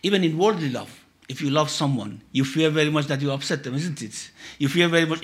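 A man, a sheikh, answering questions in a religious teaching session with measured, emphatic phrasing. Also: fairly high pitch, lively intonation.

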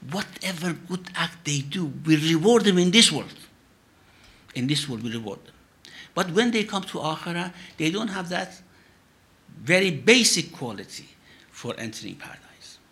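A man, a sheikh, answering questions in a religious teaching session with measured, emphatic phrasing. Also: on the high side, very animated, pushed and bright.

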